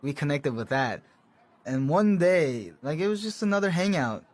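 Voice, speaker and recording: A young man recounting his band's beginnings in a relaxed, chatty storytelling manner, laughing now and then. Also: on the high side, moderate pace. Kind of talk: casual storytelling.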